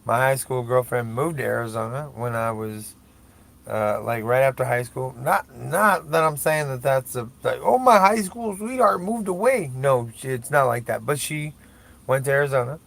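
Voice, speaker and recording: A man's voice: medium pitch, normal speed, creaky, a bit bright. An older man rambling casually and profanely through a solo podcast, joking at his own expense. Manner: rambling, profane, self-mocking. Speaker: podcast host.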